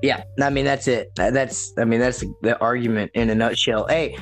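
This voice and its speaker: A man's voice: medium pitch, fairly even intonation, normal speed. Man, casual podcast chat, profane, keeps saying right, faint music behind. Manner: laid-back, profane storytelling with frequent "right?". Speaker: podcast co-host.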